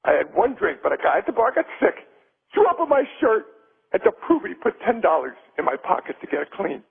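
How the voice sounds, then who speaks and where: A man voicing a brash, boastful male daredevil showman with a high, strained, gravelly voice, rambling through comic banter on a tinny phone line. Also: big pitch swings, brisk, exaggerated voice. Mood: blustering. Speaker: phone-in guest.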